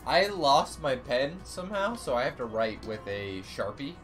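Play a lively, animated man laughing through a game. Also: mid-range voice, moderate pace, faint music behind. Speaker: co-host playing a video game. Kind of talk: casual gameplay banter.

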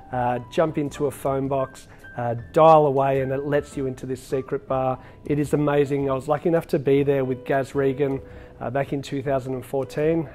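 A bartender hosting a cocktail demonstration chats in an upbeat, friendly way, sprinkling in plenty of filler words. His voice sits in the mid range with a somewhat dark tone.

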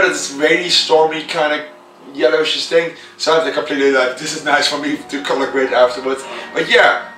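A man's voice: a little high, sharp tone. Chatty young man in an echoey room. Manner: rambling, chatty, self-mocking, with fillers and giggles. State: slightly hoarse voice. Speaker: vlogger reviewing a toy. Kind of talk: casual unboxing vlog. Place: room indoors. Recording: echoey room, mic at a distance.

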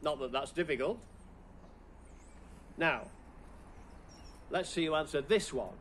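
A man with a fairly high voice who talks slowly and plays at puzzling over each riddle before landing the punchline. He has a teasing, playful way with the jokes. Faint background noise sits under his voice. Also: a bit bright. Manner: playful, answers his own riddles with mock puzzling and chuckles. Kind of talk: playful Christmas riddle routine.

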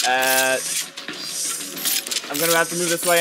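A man commentating his own gameplay, excitable and muttering to himself as he plays. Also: on the high side, measured pace, pauses often, over loud music. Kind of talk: let's play commentary.

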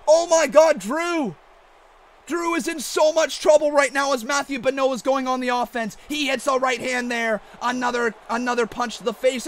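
A man doing mock wrestling play-by-play commentary over a video game, excitable and often shouting. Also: very high-pitched. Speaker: gaming YouTuber.

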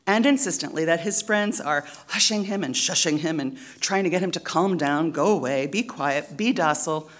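A woman pastor preaching a sermon in a church, deliberate and emphatic, with rhythmic repetition. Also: fairly low pitch.

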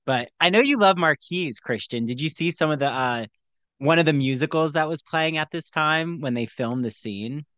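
A man's voice: a little high, moderate pace, smooth, no room sound. A man co-hosting a casual podcast chat about a TV show, gushing and acting out quotes as he talks. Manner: animated, gushing, acts out quotes. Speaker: podcast co-host.

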